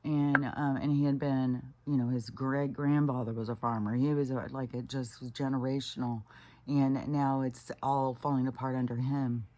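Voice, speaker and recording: A woman delivering an angry, profane rant as a vlogger, full of swearing and halting restarts. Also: a bass voice, little pitch movement, darkish tone, a little hiss or hum.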